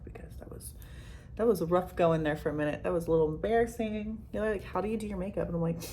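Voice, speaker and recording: A woman's voice: on the low side, steady tone, normal speed, pauses often, mellow, slight background noise. A young woman chatting through a makeup tutorial in a rambling, casual way, full of "like" and the odd swear, sometimes dropping to a near-whisper. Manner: rambling, filler-heavy, frequent "like", swears casually. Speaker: vlogger.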